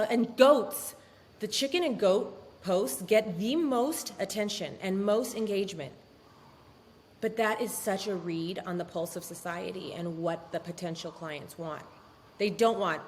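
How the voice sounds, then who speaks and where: A woman speaking as a guest in a casual interview, animated and candid, swearing freely. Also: mid-range voice, in a large hall. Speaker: law firm owner, podcast guest.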